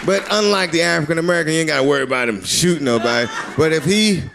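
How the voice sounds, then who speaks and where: A man performs stand-up comedy live in a club, his voice gravelly and set a little high. He rambles loosely, then jumps into shouted, squeaky bits. A live recording with heavy crowd laughter and a noisy room behind him. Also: very fast.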